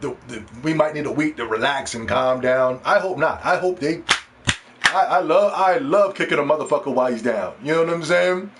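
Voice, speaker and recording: A man hosting a casual gaming podcast, ranting in an animated, profane way and mocking others in put-on voices. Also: on the high side, fairly quick, a little hiss or hum. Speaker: podcast host.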